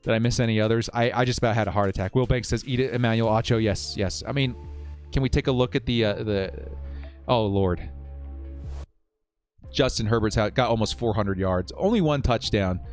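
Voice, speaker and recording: A man hosting a live sports watch-party stream, cheering loudly one moment and muttering nervously the next. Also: on the low side, brisk, soft background music. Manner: excitable, swings from loud cheering to quiet nervous muttering.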